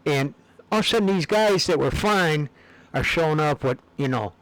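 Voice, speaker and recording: A man's voice: fairly high pitch, animated, moderate pace, fairly bright tone, no room sound, rough recording. A man talking in a rambling, casual monologue, meandering and repeating words with many fillers. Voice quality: gravelly. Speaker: video blogger.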